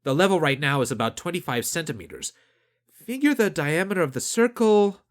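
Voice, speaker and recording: A man voicing a clever young crewman who argues regulations in a calm, methodical way. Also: fairly high pitch, a little fast, pitched above the performer's own voice, natural voice. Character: clever young man, precise crew accountant.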